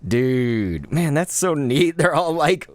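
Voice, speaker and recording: Man hosting a live card opening, laid-back and chatty, slow lively speech, dry close sound. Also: a little high, no room sound. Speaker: streamer opening trading cards.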